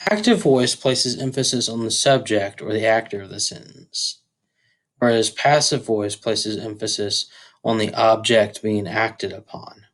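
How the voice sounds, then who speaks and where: A man's voice: lowish voice, a bit bright. A man teaching a grammar tutorial, explaining step by step with a few fillers. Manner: slow, deliberate explaining with occasional fillers.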